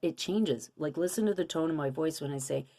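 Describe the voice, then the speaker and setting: A young woman with a low-pitched voice talks viewers through a spiritual card reading. She sounds earnest and coaching, and keeps asking rhetorical questions. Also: fairly quick, mellow. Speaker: intuitive card reader.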